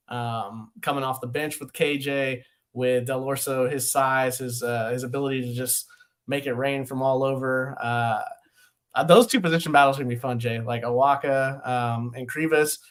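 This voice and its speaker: A man's voice: medium pitch, fairly even intonation, normal speed, fairly bright tone, clear, resonant tone. Laid-back man chatting basketball. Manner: laughing, filler-heavy, says "man" often. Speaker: podcast co-host. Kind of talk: casual sports chat.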